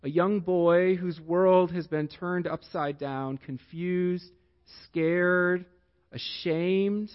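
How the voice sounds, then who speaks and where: Slow-spoken male pastor in an echoey hall. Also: sits high, fairly even intonation. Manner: slow, deliberate storytelling with long pauses. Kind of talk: sermon. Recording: echoey hall, dull lo-fi sound.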